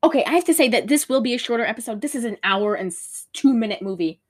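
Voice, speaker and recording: Woman podcast co-host, higher voice, giggly rambler, casual review banter. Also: lively intonation, fast talker. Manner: rambling and giggly, full of fillers. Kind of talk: casual movie review chat.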